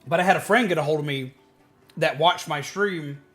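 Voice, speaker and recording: A man streaming a game, chatting casually with his viewers, ranting with lots of energy, swearing freely and shouting greetings to his chat. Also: on the high side, normal speed, faint music behind.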